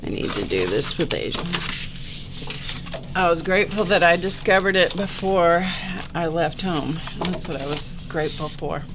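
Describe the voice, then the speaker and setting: A woman hosts an art livestream, chatting casually and rambling self-deprecatingly as she crafts. Her voice is lowish with lively intonation and a moderate pace, and there's background noise.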